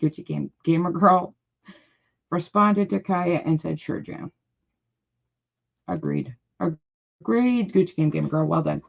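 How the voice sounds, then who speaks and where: A woman's voice: low voice, unhurried, creaky, lo-fi sound. A woman hosting a live reaction stream, reading comments aloud and reacting in a blunt, indignant way with plenty of swearing. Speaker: livestream reaction host.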